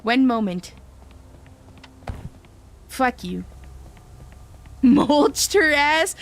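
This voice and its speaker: A woman streamer commentating a horror game live, reacting loudly and swearing often as she chats. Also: high-pitched, extremely slow, long pauses. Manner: loud animated reactions, frequent swearing; chatty, thanks viewers in passing.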